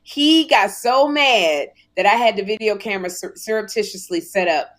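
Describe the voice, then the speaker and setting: A middle-aged woman hosting a talk show, telling comic stories in a lively, animated way and acting out quotes. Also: medium pitch, normal speed, poor audio. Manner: animated storytelling, acts out quotes. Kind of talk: casual comedic chat.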